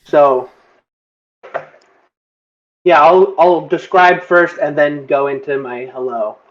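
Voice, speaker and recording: Man playing a tabletop game, rambling and chatty, slightly higher voice, dull lo-fi sound. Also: steady tone, slow pace. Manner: rambling, laughing. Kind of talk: casual character introduction.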